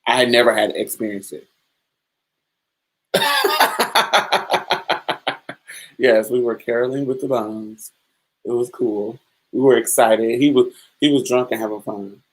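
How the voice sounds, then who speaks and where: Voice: mid-range voice, low-quality recording. A podcast host talking in a candid, colloquial storytelling manner in a casual monologue, responding to chat comments.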